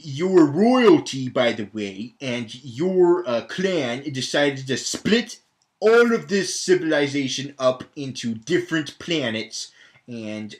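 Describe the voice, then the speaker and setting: Rambling, stammering man recapping a film. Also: medium pitch. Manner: rambling, full of fillers and stammered restarts. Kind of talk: casual comedic movie recap.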